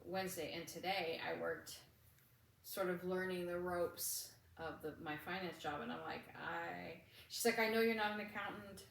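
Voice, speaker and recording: A woman's voice: lowish voice, steady tone, normal speed, vocal fry, roomy sound, distant mic, a little hiss or hum, poor audio. A woman co-hosting a casual craft chat, telling stories in a chatty way with frequent laughter. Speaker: podcast co-host.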